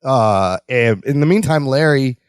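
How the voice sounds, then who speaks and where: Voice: medium pitch, unhurried, clear, resonant tone, dry recording, studio quality. A podcast co-host in casual chat, recapping a sitcom episode and acting out the characters' lines. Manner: animated, acts out quotes in character voices.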